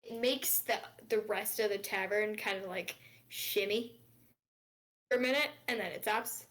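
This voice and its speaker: A woman's voice: mid-range voice, unhurried, a bit bright. A woman narrating as game master of a tabletop game, giggly and rambling, often stumbling over her words.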